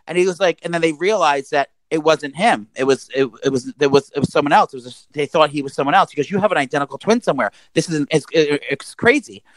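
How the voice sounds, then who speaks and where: Man, about 40, animated gossipy podcast storyteller, quick delivery, fairly high voice, dry close mic. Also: no room sound, poor audio. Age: around 40. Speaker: podcast co-host. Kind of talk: casual chat.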